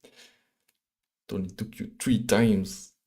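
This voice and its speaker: Slow, mellow-voiced man with French accent. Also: lowish voice, steady tone, breathy edge. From Belgium. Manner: mumbling, halting, many fillers and restarts, casual swearing. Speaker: streamer. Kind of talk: live-coding stream, thinking aloud.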